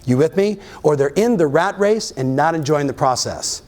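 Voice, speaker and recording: A man giving an energetic motivational keynote to a live audience, often firing questions at the crowd. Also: fairly high pitch, normal speed. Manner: energetic, keeps quizzing the audience. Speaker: real estate coach and keynote speaker. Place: live event in front of an audience.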